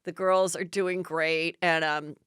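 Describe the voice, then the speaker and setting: A woman's voice: on the low side, flat delivery, slow pace, a bit bright, clean tone, dry recording, clean studio sound. A woman hosting a podcast, recapping TV gossip in a chatty, sarcastic way and swearing freely. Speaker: podcast host.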